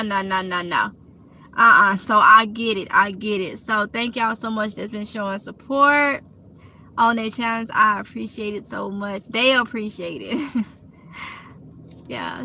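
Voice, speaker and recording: Bright-voiced Mississippi woman, chatty. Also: on the high side, slight background noise. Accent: Mississippi Southern US. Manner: chatty, affectionate, calls viewers honey. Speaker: vlogger hosting a live Q&A. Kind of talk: casual live-stream chat reading comments.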